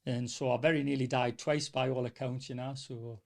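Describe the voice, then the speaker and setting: A middle-aged man with a North East English accent, telling his story in a rambling, animated way as a podcast guest. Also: mid-range voice, fairly quick, gravelly. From North East England. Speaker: small business owner, podcast guest. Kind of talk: casual storytelling interview.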